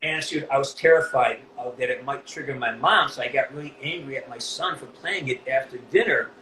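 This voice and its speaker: A man's voice: mid-range voice, a little fast, bright, forceful tone. A man who voices a game character, telling an emotional story in a casual interview, swearing freely and restarting often. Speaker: voice actor guest. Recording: echoey room with faint background noise.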